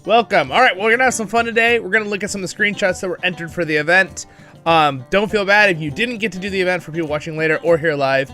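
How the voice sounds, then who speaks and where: A man's voice: sits high, quick pace, bright, forceful tone, faint music behind. A man hosting a casual livestream, chatty and upbeat, greeting viewers by name and laughing often, with a bit of a morning voice. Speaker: livestream host.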